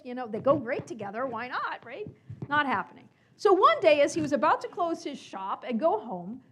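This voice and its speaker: A woman telling a story to a congregation at a service, acting out the characters and asking the listeners questions. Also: sits high. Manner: animated, acts out characters, asks listeners questions.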